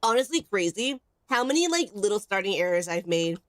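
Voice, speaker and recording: Chatty young woman streaming a game from home, teases herself a lot, bouncy voice, quiet music under it. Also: mid-range voice, big pitch swings, a little fast. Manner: bubbly, self-teasing, chatty. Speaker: gaming streamer. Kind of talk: live gameplay commentary.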